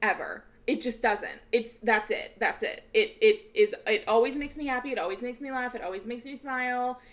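A young woman co-hosting a casual podcast, gushing and excitable, swearing freely. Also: on the high side, normal speed. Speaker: podcast co-host. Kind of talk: casual chat.

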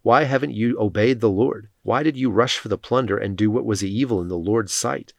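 A stern older prophet rebuking a disobedient king, read by a man in his own low voice. The delivery is solemn and steady, and the sound is close and dry, with no room echo. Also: brisk, gravelly.

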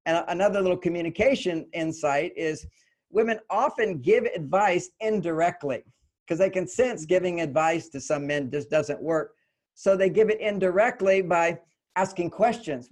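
An older man with a fairly high voice talks through relationship ideas in an earnest, explanatory way. Now and then he slips into a quick, put-on voice to act out what someone might say. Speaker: relationship author, guest. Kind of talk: conversational interview.

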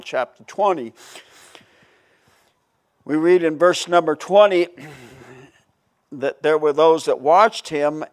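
Man, preacher, folksy Bible study talk, frequent chuckles, halting restarts, fairly high voice.

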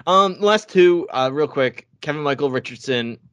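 A man co-hosting a casual podcast chat, relaxed and agreeable, with many fillers. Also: on the high side, normal speed, clean tone, no echo. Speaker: podcast co-host.

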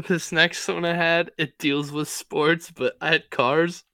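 A man talks through his picks in a loose, conversational way, his voice smooth and clear. The sound is close and dry, with no room behind him. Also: a little high, flat delivery, takes it slowly, pushed and bright, no room sound. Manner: loose and conversational, ranking favorites with easygoing asides. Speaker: podcast co-host. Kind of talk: casual sports podcast chat.

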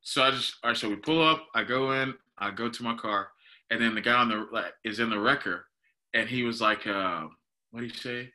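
A man's voice: medium pitch, fairly quick, bright, forceful tone. A young man, animatedly telling a story on a casual podcast, laughing and calling his listener "dude.". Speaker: podcast co-host.

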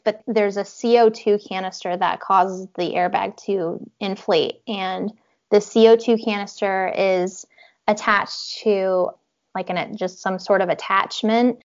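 Woman, casual storyteller, animated, slightly muffled lo-fi audio. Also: mid-range voice. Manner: animated storytelling, acts out quotes, laughs often. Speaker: horse rider telling her story. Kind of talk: casual podcast chat.

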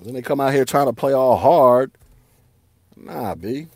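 Animated slangy man ranting on a podcast. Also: mid-range voice, a little slow, no echo, studio quality. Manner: animated, slangy, laughs often, repeats himself. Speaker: podcast host. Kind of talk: casual solo podcast rant.

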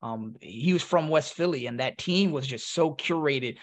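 A man from North Philadelphia, a former Marine and podcast guest, telling stories in a casual, animated way and acting out the voices of people he quotes. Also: fairly high pitch, normal speed. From North Philadelphia, USA. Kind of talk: casual storytelling.

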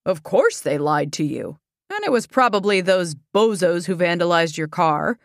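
Woman reading as reclusive older father, blunt, bigoted, slow curt verdicts, dry close sound. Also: lowish voice, very animated, dry recording. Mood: dismissive.

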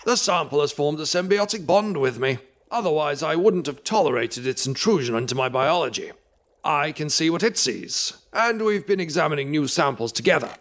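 An actor playing an eccentric old professor who speaks formally and self-assuredly. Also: male voice, a little high, animated, normal speed, fairly bright tone. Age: older. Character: eccentric old male professor, calm and pompous.

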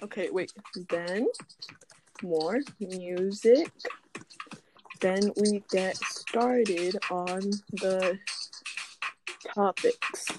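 A woman's voice: mid-range voice, extremely slow, long pauses, background noise. A teenage girl organizing a podcast with friends in casual chat, bossy and giggly. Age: teens. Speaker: podcast co-host.

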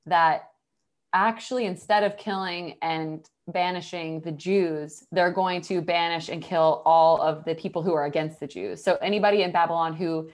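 A woman's voice: lowish voice, fairly even intonation, moderate pace. A woman co-hosting a podcast, chatty and enthusiastic, saying "like" often. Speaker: podcast co-host. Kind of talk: casual podcast chat.

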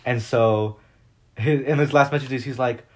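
An excitable man chats on a casual podcast in a middle-pitched voice. He rambles through his stories and leans on fillers as he goes. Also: measured pace. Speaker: podcast co-host. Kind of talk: casual chat.

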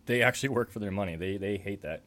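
A man's voice: on the low side, fairly bright tone. A young man co-hosting a casual podcast, joking and swearing as he recalls military training. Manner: joking, swearing, quick reactions. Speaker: podcast co-host, military veteran. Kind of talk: casual storytelling chat.

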